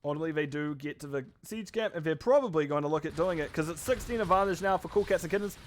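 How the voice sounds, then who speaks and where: Man, esports caster, live play-by-play, chatty, self-correcting, fairly high voice, faint hiss behind. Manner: quick, chatty, often correcting himself mid-line. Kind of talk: live play-by-play game commentary.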